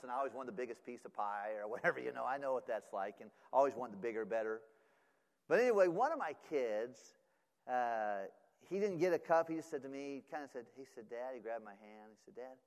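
A middle-aged man preaches in an animated, storytelling way, often stumbling and restarting and acting out the voices of others. His voice sits at a middle pitch. The sound rings with the long reverb of a large hall. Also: brisk. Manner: animated, acts out voices, many fillers and restarts. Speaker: pastor. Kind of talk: sermon storytelling.

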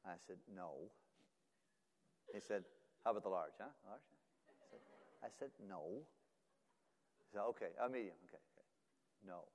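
A man's voice: low-pitched, animated, normal speed, long pauses. A middle-aged man preaching, telling a story with many fillers and restarts and acting out the other voices. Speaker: pastor. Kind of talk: sermon storytelling. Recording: long hall reverb.

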